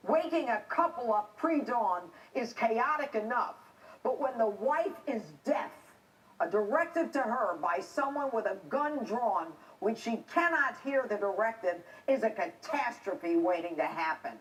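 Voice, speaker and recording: A woman's voice: on the high side, expressive, unhurried, distant mic, low-quality recording. A middle-aged woman, a TV host and former police officer, delivering a scripted opinion monologue in a combative, indignant, emphatic way.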